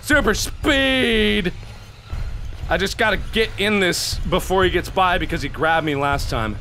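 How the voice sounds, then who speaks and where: A man giving excitable let's-play commentary, taunting the game and breaking into shouts and mock-dramatic rants. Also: sits high, measured pace. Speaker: gaming commentator. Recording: clear background noise.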